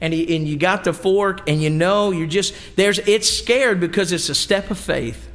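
Folksy preacher man, gravelly. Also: sits high, normal speed, fairly bright tone, big-room sound. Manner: folksy, emphatic preaching with homey asides. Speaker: pastor. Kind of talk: sermon. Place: church sanctuary.

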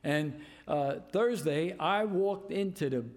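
An older man from New York tells a personal story in a casual, animated way, acting out the voices of the people in it. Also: fairly high pitch, takes it slowly. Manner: animated, repeats "I said" and acts out voices in his story. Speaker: storyteller giving a testimony.

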